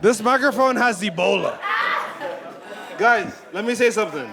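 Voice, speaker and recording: A man's voice: sits high, animated, moderate pace. A man doing a stand-up set with brash, profane crowd work. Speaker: stand-up comedian.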